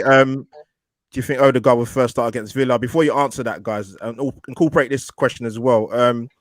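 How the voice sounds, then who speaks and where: A man host talks fast, handing out questions in a brisk, friendly manner. His voice sits dry and close to the mic, with no room sound. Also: mid-range voice, no echo. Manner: brisk, friendly moderating with "um" fillers. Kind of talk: hosting a casual panel discussion.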